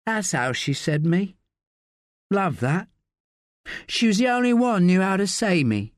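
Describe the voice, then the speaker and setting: Guy putting on a weepy young woman, way higher, lively, kinda lost. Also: unhurried, no room sound, studio quality. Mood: wistful.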